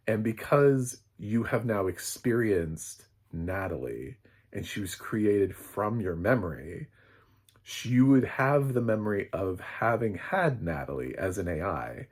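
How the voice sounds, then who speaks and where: A man's voice: fairly low pitch, lively intonation, slow, husky. A man, a film critic, giving a casual spoken recap of a TV episode in a rambling, chatty way with many fillers and chuckles.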